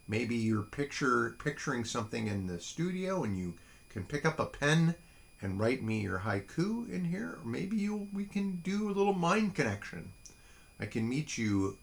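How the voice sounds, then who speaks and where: A middle-aged man hosts a casual solo podcast from a small home studio. His gravelly voice moves up and down with a lively pitch. He rambles and pokes fun at himself, with plenty of fillers. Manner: rambling, self-deprecating, lots of fillers. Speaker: podcast host.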